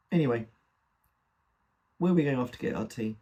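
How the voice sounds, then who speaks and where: A man's voice: medium pitch, expressive, brisk, warm tone, husky. A man reading a comic dramatic monologue in the first person, with a wry, gossipy delivery. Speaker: reader.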